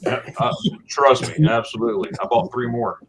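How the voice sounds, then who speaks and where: A man's voice: mid-range voice, fairly quick, a crowd in the background. A man joking around on a group video call. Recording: video call audio with loud noise.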